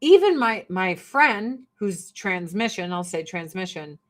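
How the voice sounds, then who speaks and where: A woman's voice: on the low side, big pitch swings, measured pace. A middle-aged woman chatting bluntly and profanely while doing her makeup on a livestream. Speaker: vlogger. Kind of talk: casual get-ready-with-me livestream chat.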